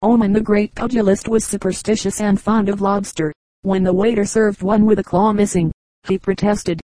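A woman narrates short comic anecdotes in an even, measured storytelling way. Her voice is mellow and warm. The recording is dry and close, with no room sound around her. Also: medium pitch, no echo, rough recording. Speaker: audiobook reader. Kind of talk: scripted narration of humorous anecdotes.

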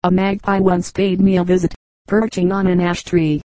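A woman narrating an audiobook of children's stories in a measured, even reading. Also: on the low side, dry recording, low-quality recording. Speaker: audiobook reader. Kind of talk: storybook narration.

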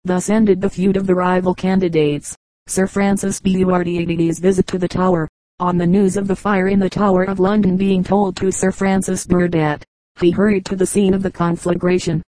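A woman narrating an old book as an audiobook, reading in a measured, even way. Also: on the low side, no echo, rough recording.

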